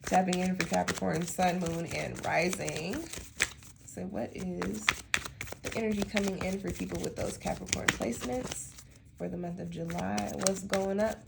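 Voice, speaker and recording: Sleepy chatty Colorado woman, low voice. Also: creaky, very noisy. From Denver, Colorado. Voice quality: slight lisp when tired. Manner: rambling, chatty, laughs often. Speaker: tarot reader. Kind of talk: casual monthly tarot reading.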